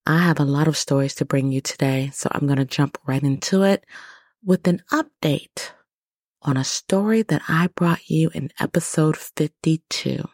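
A woman hosting a podcast at home, talking quietly and low so she won't wake her household. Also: normal speed, no room sound, studio quality. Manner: quiet and low, speaking softly. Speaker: podcast host. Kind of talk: podcast monologue. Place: home, early morning.

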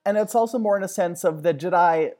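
A man's voice: high-pitched, fast, dark tone. Rambling, jokey male podcast co-host. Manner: rambling, self-correcting, jokey. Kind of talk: casual fan chat.

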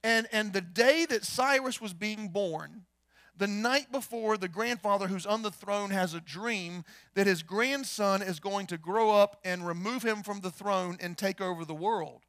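A pastor preaching a storytelling sermon, swinging between hushed and loud and firing rhetorical questions. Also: male voice, high voice, unhurried, dry recording. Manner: rhetorical questions, repeats words.

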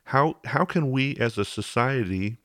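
A man's voice: mid-range voice, animated, measured pace, a bit bright, no room sound. Man hosting a faith podcast, dry sound. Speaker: podcast host. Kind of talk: podcast interview conversation.

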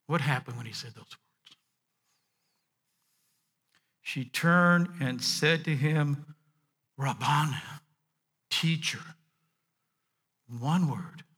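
Bright-voiced man preaching a sermon. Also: mid-range voice, slightly rough, long reverb tail. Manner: expressive, swinging from hushed to emphatic. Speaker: pastor.

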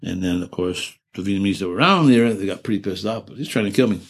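A man in his seventies being interviewed, recalling events in a halting way with many restarts and self-corrections, earnest and emotional. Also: lowish voice. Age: 70s. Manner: earnest and emotional while recounting. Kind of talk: oral-history interview recollection.

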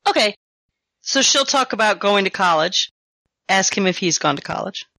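A woman's voice: mid-range voice, animated, normal speed, sharp tone, no room sound. A woman playing a tabletop role-playing game, asking questions and speaking in and out of character. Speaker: player. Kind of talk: tabletop role-play chat.

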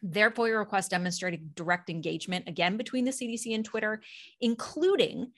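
A woman co-hosting a political panel talk, laying out evidence point by point in a brisk, sardonic way. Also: mid-range voice, fairly bright tone. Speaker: political podcast co-host. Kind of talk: opinionated panel discussion.

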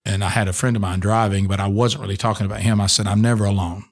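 A middle-aged man with a fairly low voice tells a personal testimony on a podcast. He speaks earnestly and often restarts his sentences as he goes. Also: flat delivery, fast. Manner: earnest storytelling with many restarts. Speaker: radio host and speaker.

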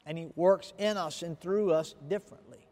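A man preaching a sermon to viewers, with a deliberate, emphatic delivery. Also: fairly high pitch, a little mellow, long reverb tail. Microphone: camera recording of a speaker addressing viewers.

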